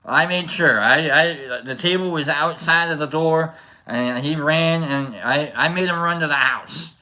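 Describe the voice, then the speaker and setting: Guy streaming, kinda high bright voice, rambly animated storytelling. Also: measured pace. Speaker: livestream host. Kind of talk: casual storytelling to chat.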